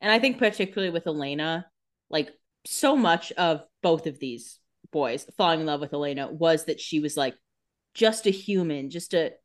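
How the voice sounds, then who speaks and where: A woman's voice: low-pitched, animated, normal speed. A woman co-hosting a podcast, recapping a TV episode in casual chat, chatty and analytical with a wry edge. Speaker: podcast co-host.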